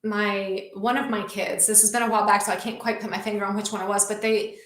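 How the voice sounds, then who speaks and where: A middle-aged woman counselor talking casually on a video call, lively and self-deprecating with quick asides. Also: medium pitch, echoey room, rough recording. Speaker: counselor and guest. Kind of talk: casual conversation. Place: small office room.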